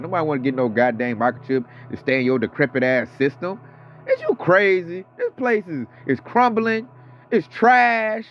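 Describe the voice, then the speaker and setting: A man in his thirties or forties giving a casual, fired-up sermon, slangy and profane. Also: mid-range voice. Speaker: preacher. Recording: dull lo-fi audio with faint music.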